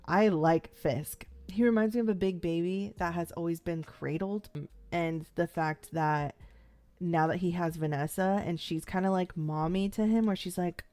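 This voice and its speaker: A woman's voice: lowish voice, fairly even intonation, a little slow, warm tone. A young woman chatting casually about a show she's watching, rambling with lots of "like" and "um" fillers and playfully acting out characters' lines. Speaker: vlogger reacting to a TV series. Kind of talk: casual first-time-watch reaction chat.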